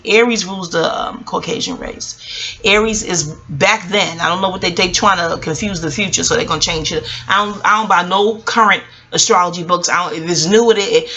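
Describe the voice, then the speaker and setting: A woman's voice: lowish voice, bright, forceful tone. A woman from New York with a New York accent, an astrologer rambling casually to her viewers, digressive and chatty, calling them y'all. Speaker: astrologer and vlogger.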